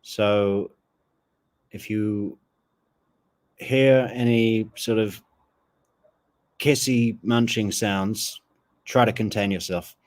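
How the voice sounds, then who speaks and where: A man from Europe, live-streaming casual commentary and chatting with his viewers in a halting way with fillers. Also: fairly low pitch, fairly even intonation. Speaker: true crime streamer.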